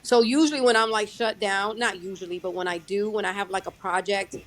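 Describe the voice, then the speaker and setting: A young adult woman who drives her own truck, talking casually in a podcast interview, halting and restarting her sentences often. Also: mid-range voice, steady tone. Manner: halting, many restarts and fillers. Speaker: guest, owner-operator truck driver.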